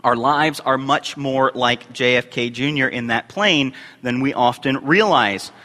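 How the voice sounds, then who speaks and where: A man preaching a sermon as a youth and family minister, reading scripture in measured phrases with emphatic rises. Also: medium pitch, bright, forceful tone. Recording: long hall reverb.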